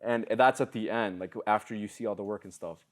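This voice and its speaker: A man's voice: on the low side, brisk. A young man in his twenties, a podcast guest, telling stories in casual slang. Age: 20s. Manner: storytelling, lively, casual slang.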